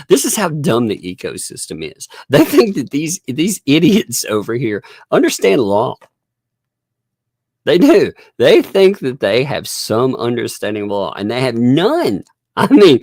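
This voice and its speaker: A man's voice: medium pitch, darkish tone, no room sound, studio quality. A man hosting a casual commentary video, laughing often in a mocking, amused way and repeating and restarting words.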